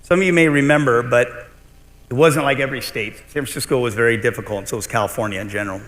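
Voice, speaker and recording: A fast-talking middle-aged man with a mid-range, slightly bright voice gives a conference keynote about his life as a restaurant owner. Blunt and animated, he swears now and then, and the recording has the long reverb of a large convention hall.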